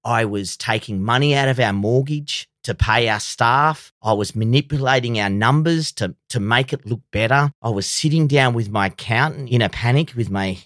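A man's voice: medium pitch, moderate pace, hardly any pauses, fairly bright tone, no room sound, studio quality. A man telling his business story in an earnest, confessional way, acting out what others said. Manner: earnest, confessional, acts out quoted voices. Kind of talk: emotional personal storytelling.

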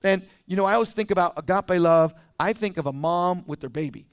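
A pastor preaching a conversational sermon in church, chuckling often and acting out little scenes. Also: male voice, high voice, a little fast, smooth.

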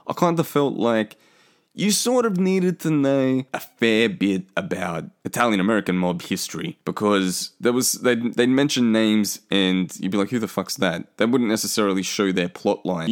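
A young man hosting a casual solo talk show, chatty, profane and self-mocking. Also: lowish voice. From Australia. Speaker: podcast host.

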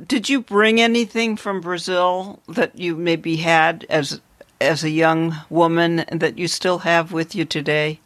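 Low-voiced woman asking gentle questions. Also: fairly even intonation, measured pace, no room sound. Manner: gentle, encouraging, asks follow-up questions. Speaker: interviewer. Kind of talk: interview questions.

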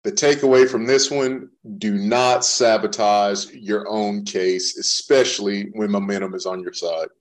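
A man hosting a podcast interview, summing up the lessons for listeners in a measured way. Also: on the low side, steady tone. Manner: sums up takeaways for listeners, deliberate. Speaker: podcast host.

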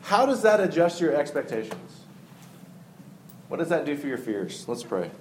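A man's voice: fairly high pitch, sing-song, normal speed, echoey room. Man, youth preacher, casual storytelling delivery, faint background hiss. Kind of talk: sermon.

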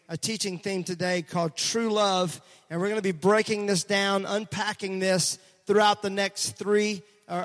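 A middle-aged man preaching a sermon in a church, speaking in an energetic, conversational way and calling on the congregation to respond. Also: sits high. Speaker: pastor. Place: church sanctuary. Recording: long hall reverb.

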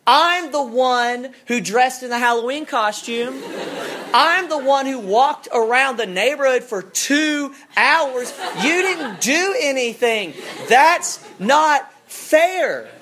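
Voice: sits high, expressive, slow pace, fairly bright tone, a little hiss or hum, pitched above the performer's own voice, heavily acted. A speaker voicing an upset young boy who wails, indignant and drawn out, that something is not fair. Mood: outraged.

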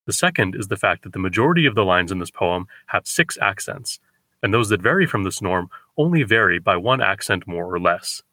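A man lectures on poetry in a careful, explanatory way, slowing down when he reads verse aloud. His voice sits a little low but sounds bright and forward. The recording is close and dry, with no room around him. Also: big pitch swings, no echo. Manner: measured, explanatory, slows for quoted verse. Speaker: poetry podcast host.

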